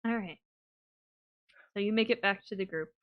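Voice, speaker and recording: A woman acting as game master in a casual tabletop game, calmly describing what happens. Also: mid-range voice, normal speed, dull audio.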